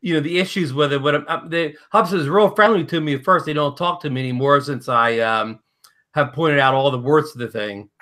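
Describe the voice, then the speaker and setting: A man's voice: on the high side, fairly quick, pushed and bright. A man co-hosting a casual live chat, talking hesitantly with stammered restarts. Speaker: co-host.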